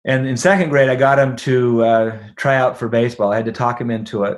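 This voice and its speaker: Middle-aged man telling an animated story. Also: mid-range voice, a little fast, hardly any pauses. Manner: animated, laughing, checks in with "right?". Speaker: guest. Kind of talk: personal storytelling in an interview.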